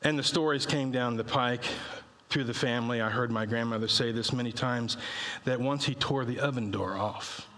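A man preaching a sermon, telling folksy stories and building to emphatic high peaks. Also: normal speed, a bit bright, in a large hall.

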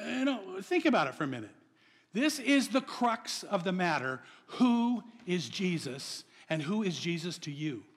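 A man preaching a sermon, questioning his listeners, with loud emphatic lines that drop to hushed ones. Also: fairly high pitch, husky. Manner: asks the audience questions. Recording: long hall reverb.

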